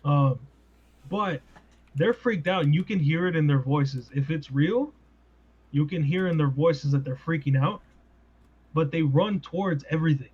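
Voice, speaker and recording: A man hosting a podcast in casual chat, animated and full of rhetorical questions. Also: on the high side, moderate pace, long pauses, husky. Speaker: podcast host. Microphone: podcast mic. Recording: dull lo-fi sound.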